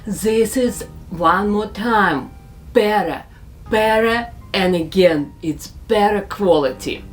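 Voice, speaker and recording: A woman narrating a makeup tutorial as a beauty vlogger, speaking slow, careful English with non-native phrasing. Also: mid-range voice, soft background music.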